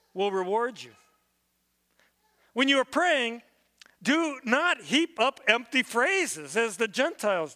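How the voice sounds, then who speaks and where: A male pastor with an extremely high, bright voice and a forceful tone reads scripture and then teaches on it in earnest, frequently repeating a word when restarting. His sermon carries the long reverb of a big room.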